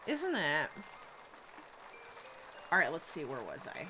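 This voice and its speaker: A woman's voice: deep voice, huge pitch swings, slow pace, sharp tone, slight background noise, poor audio. A young woman live-streaming a game, chatting casually, reacting to what happens on screen and answering her chat. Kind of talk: casual gameplay commentary.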